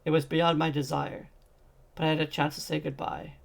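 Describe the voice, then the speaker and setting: Man reading grizzled ancient wizard, sorrowful, gravelly, husky voice, fairly high. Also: fairly even intonation, normal speed. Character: grieving ancient male wizard, grizzled and gentle.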